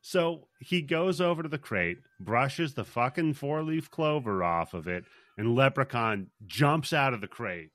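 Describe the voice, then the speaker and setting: A man's voice: medium pitch, lively intonation, a little slow, hardly any pauses, a bit bright, no room sound. A man co-hosting a podcast, recapping a movie in laid-back, profane, wisecracking chat. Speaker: podcast co-host.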